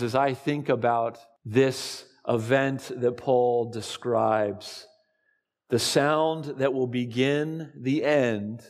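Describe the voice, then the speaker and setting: A man preaching a sermon to his congregation, slow and deliberate, with dramatic pauses. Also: medium pitch, big-room sound. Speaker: pastor.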